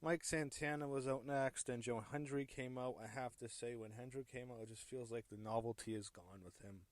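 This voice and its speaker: A man's voice: medium pitch, steady tone, a little fast, no echo. A man giving a casual spoken review, rambling with many fillers and self-corrections and sounding openly annoyed. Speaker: show reviewer.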